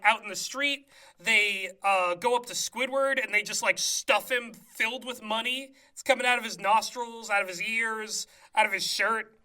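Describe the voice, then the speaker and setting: Podcast co-host, bright tense tone, animated storytelling, casual comedic chat, frequent laughter. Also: medium pitch. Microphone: remote call.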